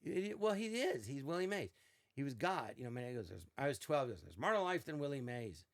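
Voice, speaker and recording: An older man, a podcast guest, telling animated anecdotes in casual chat and slipping into quoted voices. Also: mid-range voice, fast. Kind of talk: casual storytelling.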